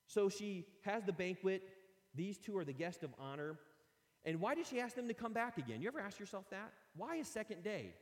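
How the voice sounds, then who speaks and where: Animated, joking preacher in an echoing hall. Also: male voice, high voice, fairly quick. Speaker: pastor. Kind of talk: sermon. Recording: long reverb of a large hall.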